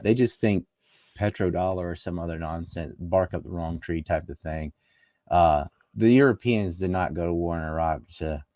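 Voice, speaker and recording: Interview guest: man from North Carolina, very low voice, argumentative and scoffing, dry close sound. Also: warm tone, no room sound. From North Carolina, USA. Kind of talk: casual political talk.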